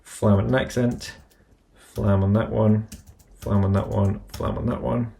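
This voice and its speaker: A man with a low, gravelly voice explains each step of a software tutorial in a measured, methodical way. He works through the instructions one item at a time, in a plain instructional tone. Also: level tone, slight background noise. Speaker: app tutorial presenter. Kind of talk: screen-recorded software tutorial.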